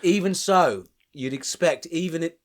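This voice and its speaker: A man's voice: a little high, measured pace, dry recording, clean studio sound. A man co-hosting a comedy podcast, chatty and rambling as he narrates a blind taste test. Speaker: podcast co-host.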